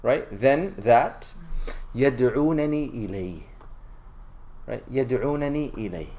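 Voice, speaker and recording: A man's voice: mid-range voice, lively intonation, fairly quick, warm tone, a little hiss or hum. A man teaching an Arabic class, quizzing his students and reading Arabic lines aloud.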